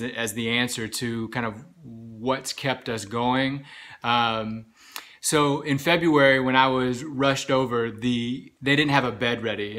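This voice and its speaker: Earnest man with a bright voice. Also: medium pitch. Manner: earnest, halting, many fillers and restarts. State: recovering from serious illness. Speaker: vlogger sharing a health update. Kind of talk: personal storytelling.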